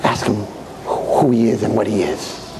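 A man doing urgent, hushed rabbis. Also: on the low side, unhurried, heavy background noise, pitched below the performer's own voice, natural voice. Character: urgent council of male rabbis. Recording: echoey hall.

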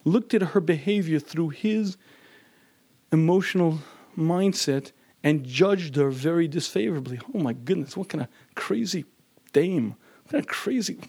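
A man lecturing on marriage who often clears his throat and acts out the people in his stories. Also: fairly high pitch, animated, a little slow, darkish tone. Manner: frequent throat-clearing, acts out quoted voices. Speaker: marriage teacher.

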